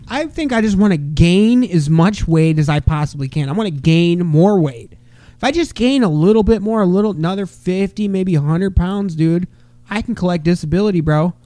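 A man in his thirties hosts a crude comedy podcast, his voice high and bright. At a moderate pace he rambles and swears freely, erupting into loud bursts whenever he quotes people. The sound is close and dry.

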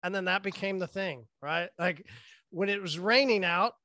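A man with a notably high voice hosts a laid-back conversation. He tells stories loosely and swears freely. His sound is dry and close, with no room around it. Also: normal speed, sharp tone, no echo. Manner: loose, profane storytelling. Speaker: host. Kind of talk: casual podcast chat.

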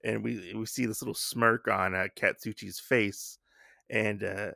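A man's voice: fairly low pitch, steady tone, measured pace, gravelly, sharp tone, dry recording, studio quality. A man hosting a podcast, casually recapping a comic book in a rambling way with lots of fillers and restarts. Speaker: podcast host.

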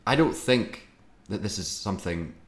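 A man chatting casually as a podcast guest, telling rambling, animated stories. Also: on the low side, normal speed, reverberant. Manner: rambling, animated storytelling with impressions. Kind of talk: casual chat. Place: live podcast venue.

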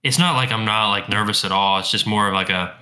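A young man co-hosting a comedy podcast in loose, rambling banter. His lowish voice is very bright and cutting. He trips over his words and stutters a little when flustered. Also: quick pace. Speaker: podcast co-host.

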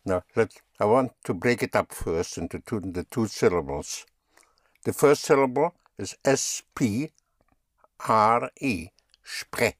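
A man's voice: on the low side, expressive, unhurried, no room sound, studio quality. A man teaching German, patiently spelling words out and having learners repeat them. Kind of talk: slow language lesson.

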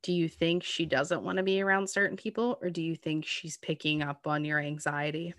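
Low-pitched woman asking probing questions. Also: steady tone, brisk, a bit bright. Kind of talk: casual conversation.

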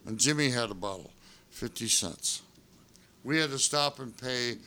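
A man's voice: medium pitch, measured pace. A middle-aged man, a former wrestler, telling road stories in casual, profane chat and acting out what people said. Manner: profane, animated storyteller acting out quotes. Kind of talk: casual storytelling.

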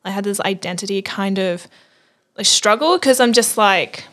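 A woman's voice: mid-range voice, normal speed, a bit bright. A young woman, a podcast host telling a story over casual talk, full of fillers like "like". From Australia. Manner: chatty storyteller, lots of fillers like 'like' and 'I'm just like'. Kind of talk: casual conversation.

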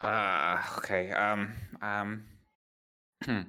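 A man's voice: fairly low pitch, little pitch movement, extremely slow, bright, forceful tone, clear, resonant tone. A British man co-hosting a podcast, joking around and laughing easily in casual chat. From United Kingdom. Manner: giggly, joking.

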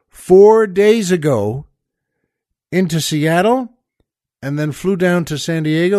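An older man tells a story in a slow, unhurried drawl. He wanders off into little asides and fillers as he goes, and his voice sits a touch high for a man. The sound is close and dry, with no room around it. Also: darkish tone, dry recording. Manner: rambling, folksy, many "well" and "by the way" asides. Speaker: podcast host. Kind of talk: casual storytelling monologue.

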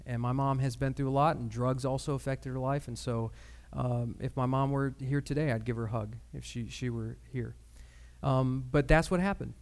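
A man preaching a sermon with personal testimony, earnest and measured, with pauses and fillers. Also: medium pitch, fairly even intonation, a little mellow. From Michigan.

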